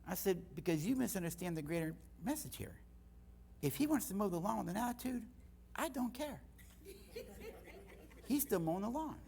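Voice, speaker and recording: A middle-aged man with a high, creaky voice speaks as a guest at church, giving a teaching talk. He tells stories with lively animation and acts out the dialogue.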